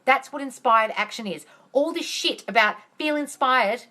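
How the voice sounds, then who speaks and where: A woman's voice: a little high, lively intonation, brisk, bright, forceful tone. A woman hosting a casual live-stream Q&A on a phone, blunt and emphatic, swearing freely and calling viewers darling. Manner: heated and emphatic, ranting. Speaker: manifesting coach hosting a live Q&A.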